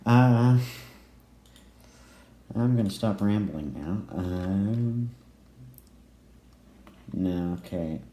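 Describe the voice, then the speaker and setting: A man talks over a game in slow, hesitant fragments, filling gaps with ums as he thinks aloud. His voice sits deep and mellow. The recording carries a roomy echo and faint background noise. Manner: musing, halting, many ums and pauses. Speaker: let's play gamer. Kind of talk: casual game commentary. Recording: echoey room, faint noise.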